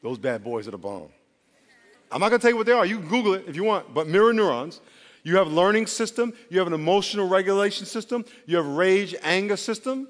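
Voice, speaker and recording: A man preaching a sermon as pastor, animated and leading call-and-response with the congregation. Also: high-pitched, fast talker. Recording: long hall reverb.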